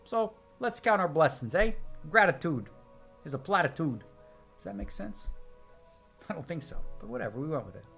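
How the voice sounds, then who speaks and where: A man's voice: on the high side, big pitch swings, fairly quick, creaky, faint music behind. Brash, joking man streaming poker. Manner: brash, joking, answers viewer chat. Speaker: poker player live-streaming. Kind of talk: casual live-stream chat. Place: home streaming setup.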